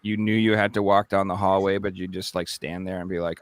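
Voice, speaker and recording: Animated male podcast storyteller, dry close sound. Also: brisk, no room sound. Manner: animated storyteller, acts out his younger self with big jumps in pitch. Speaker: podcast co-host. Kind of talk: casual chat.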